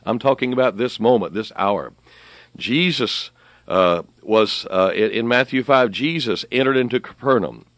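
A man's voice: medium pitch, moderate pace, fairly bright tone, no room sound. A middle-aged man preaching a sermon on the radio, emphatic and repeating phrases for stress.

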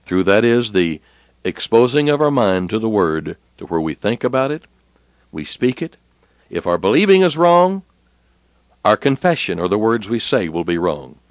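A man preaching a sermon, rising and slowing down when he quotes scripture. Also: sing-song, dry recording. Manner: rises in pitch and slows down when quoting scripture.

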